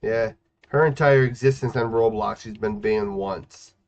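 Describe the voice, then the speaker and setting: A man casually chatting while streaming a game, playful and teasing, with sudden loud outbursts and sing-song scatting. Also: on the low side, a little slow. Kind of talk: casual gaming stream chat. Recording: muffled lo-fi stream audio.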